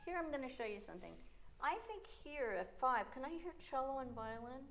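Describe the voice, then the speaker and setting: A woman's voice: high voice, brisk. A middle-aged woman from the United States, a piano teacher coaching a chamber trio in a masterclass, counting and singing rhythms aloud while they play. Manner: animated, counts and sings rhythms aloud over the playing. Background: piano, violin and cello playing.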